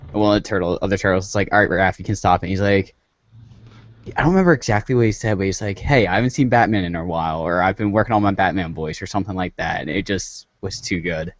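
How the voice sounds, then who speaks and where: A man's voice: sits low, fast, highs cut off. A man on a casual gaming podcast telling a story with hesitant restarts. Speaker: podcast co-host. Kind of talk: casual chat.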